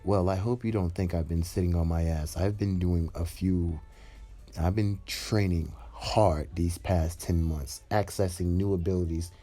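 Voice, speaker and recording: A cocky, hot-headed teenage rival boy, played by a man narrating a fan story, who talks bluntly and dismissively. The voice is low and dark. Quiet music sits underneath. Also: steady tone, unhurried.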